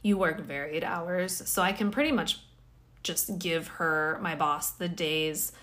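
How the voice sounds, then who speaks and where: A woman's voice: lowish voice, measured pace, fairly bright tone. A tired woman hosting a casual solo podcast, rambling and questioning herself, with sighs, yawns and small laughs. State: tired, yawning. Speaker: podcast host.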